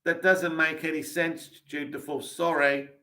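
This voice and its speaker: A man's voice: fairly high pitch, little pitch movement, measured pace, pushed and bright. A man with an English accent, hosting a live stream, reading viewer comments aloud and answering them with blunt, dismissive opinions.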